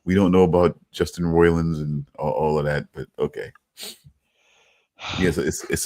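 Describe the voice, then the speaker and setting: A man co-hosting a podcast in casual chat, halting and repeating himself. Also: deep voice, steady tone, mellow, no echo. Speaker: podcast co-host.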